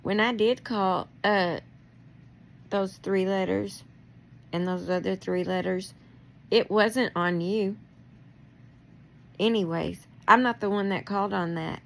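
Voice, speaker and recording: Woman, middle-aged, gravelly voice, rambling monologue, emotional, confrontational, laughs through anger. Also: mid-range voice, steady tone, slow, long pauses. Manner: confrontational, addressing someone directly.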